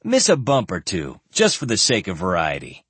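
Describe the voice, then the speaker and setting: A man's voice: low-pitched, wildly swooping pitch, moderate pace, a bit bright, husky, no echo, heavily acted. A man voicing a vain, grumbling young noble knight who complains and protests. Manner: complaining, peevish.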